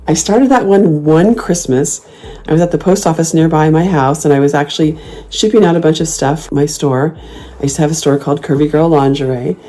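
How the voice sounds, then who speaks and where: In a casual chat she hosts, a woman tells stories with sass and animation, often laughing and launching into loud, high mock comebacks.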